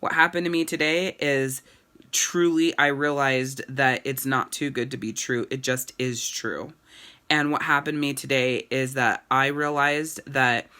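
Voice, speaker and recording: A woman's voice: a bass voice, a bit bright, clean tone. A woman running a casual live video for her followers, candid and gushing, swearing casually as she talks about her clothing business. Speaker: boutique owner and sales consultant.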